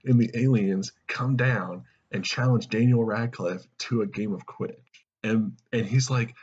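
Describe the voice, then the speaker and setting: A man co-hosting a podcast, rambling and laughing as he pitches a silly movie idea in casual chat. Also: normal speed, a little mellow, slightly rough. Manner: rambling, laughing, acting out quoted lines. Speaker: podcast co-host. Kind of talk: casual comedic brainstorming chat. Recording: slightly dull lo-fi audio.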